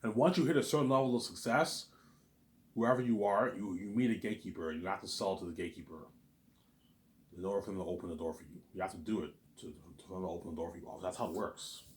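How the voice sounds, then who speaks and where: A man's voice: low voice, fast. A man in a rambling, profane monologue, who often stammers and repeats words. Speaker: vlogger. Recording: echoey room.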